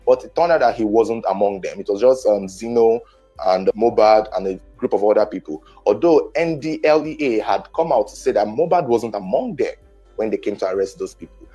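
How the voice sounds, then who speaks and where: A man's voice: on the low side, expressive, a little fast, mellow, breathy edge, lo-fi sound, faint music behind. A man giving casual, analytical commentary in a clip.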